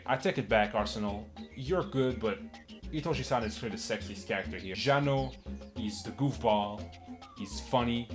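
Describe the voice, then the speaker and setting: Rambling, sarcastic young man with music behind. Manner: rambling, sarcastic, swears often, jumps in pitch for jokes. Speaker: YouTube comedy host. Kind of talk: casual comedic commentary.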